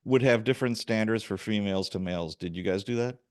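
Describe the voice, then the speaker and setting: A man who is a former police officer, hosting a podcast in a casual interview chat and telling stories in a lively way. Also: on the low side, quick pace, no echo, clean studio sound. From Wisconsin, USA. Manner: lively storyteller who acts out quotes.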